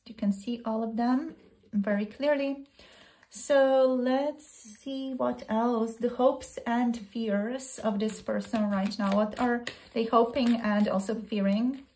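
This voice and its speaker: A woman giving a casual tarot reading, thinking out loud, repeating and restarting her phrases, quick to exclaim. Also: fairly high pitch, steady tone. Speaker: tarot reader.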